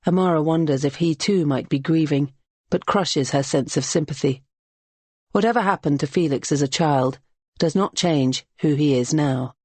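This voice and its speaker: A woman narrates a novel in a measured, even manner with a notably low voice. The recording is close and dry, with no room sound. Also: no echo. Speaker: audiobook narrator. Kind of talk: scripted narration.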